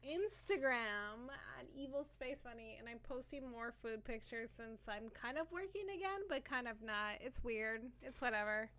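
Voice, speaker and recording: A young woman co-hosting a casual podcast chat, excitable and swearing freely with lots of fillers. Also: fairly high pitch, normal speed, hardly any pauses. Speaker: podcast co-host.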